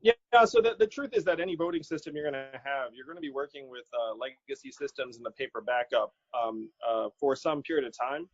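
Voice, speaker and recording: This man speaks at medium pitch, a little fast, barely pausing, with no echo. Interviewed as a political candidate, he talks casually and animatedly, quoting people in his stories and laughing easily. The audio is dull and lo-fi.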